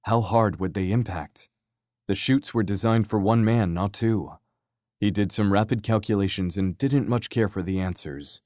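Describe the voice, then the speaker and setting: A man narrating an action story from a script in a steady, measured way. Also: lowish voice, dry recording, studio quality. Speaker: audiobook narrator.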